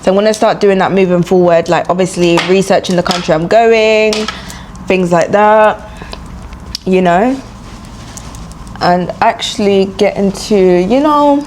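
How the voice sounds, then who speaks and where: Young london girl talking while doing her makeup, loose and rambly, lots of likes, mid-pitched voice. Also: unhurried, long pauses, a little mellow, a little hiss or hum. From London, England. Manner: chatty and frank, full of "like" and "you know" fillers. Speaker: beauty and travel vlogger. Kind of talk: get-ready-with-me casual chat. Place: indoors while travelling.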